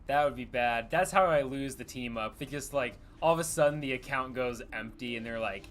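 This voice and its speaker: A young man streaming a video game and talking off the cuff, his voice pitched around the middle for a man. He wanders from point to point with lots of "like" and "you know", and he is easily amused and often laughs. The talk is loose and unscripted gameplay commentary. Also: fairly quick, fairly bright tone. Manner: rambling, heavy on "like" fillers. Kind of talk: casual live gameplay commentary.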